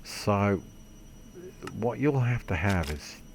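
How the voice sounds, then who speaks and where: A very deep, gravelly male voice that talks slowly and loosely through a game tutorial. He rambles, pokes fun at his own mistakes and drops the odd mild swear word. A faint hiss sits behind him. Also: expressive. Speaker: gaming video creator. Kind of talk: casual game tutorial commentary.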